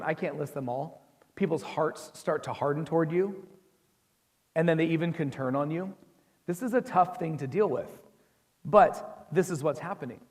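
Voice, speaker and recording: An American man preaching to his congregation in an easy, conversational way, often turning to ask them questions. His voice sits a little high for a man. The sound carries a long reverb from the church hall. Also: darkish tone. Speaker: pastor. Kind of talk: sermon.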